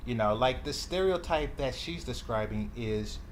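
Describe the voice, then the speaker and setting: A man's voice: mid-range voice, animated, normal speed, a little hiss or hum. A man hosting a reaction video, giving sarcastic, rambling commentary full of fillers. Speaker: commentary channel host.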